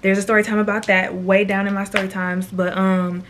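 A woman's voice: mid-range voice, little pitch movement, brisk, a little hiss or hum. A woman in her twenties telling a personal story to camera in a chatty, slangy way, often turning aside to address viewers. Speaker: storytime vlogger.

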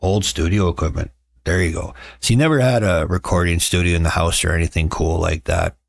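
A middle-aged man with a very low, gravelly voice hosts a laid-back livestream chat. He talks in a sarcastic, self-mocking way, answering viewer comments as he goes. The sound is close and dry. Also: fairly even intonation, a little fast, dry recording. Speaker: livestream host chatting with viewers. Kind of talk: casual chat.

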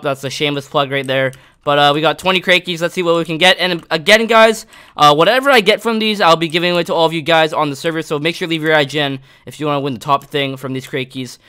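A young man from Canada casually commentating his own gameplay, excitable and yelling at near misses. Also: a little high, clear, resonant tone. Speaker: gaming YouTuber.

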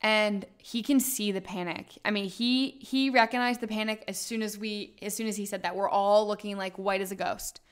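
A woman's voice: medium pitch, steady tone, normal speed, few pauses, clear, resonant tone. A young woman hosting a podcast, telling a travel story casually, with dramatic retelling and lots of fillers. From United States. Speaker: podcast host.

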